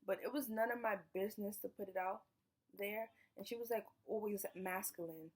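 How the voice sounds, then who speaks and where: A young woman telling a personal story in a casual storytime, animated and swearing, acting out what people said. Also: mid-range voice, normal speed. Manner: animated, swearing, acts out quoted lines. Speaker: vlogger.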